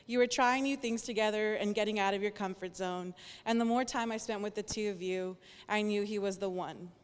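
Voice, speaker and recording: Shaky, emotional maid of honor. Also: female voice, medium pitch, a little fast, hardly any pauses, clean tone, in a large hall. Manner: shaky, emotional, joking and laughing. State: nervous and teary. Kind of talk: emotional rehearsal dinner toast. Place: dinner hall.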